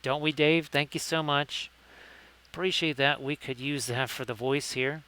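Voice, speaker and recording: A man's voice: on the high side, flat delivery, measured pace, sharp tone, clean tone. A man hosting a casual live painting stream, chatty and jokey with lots of fillers as he greets viewers.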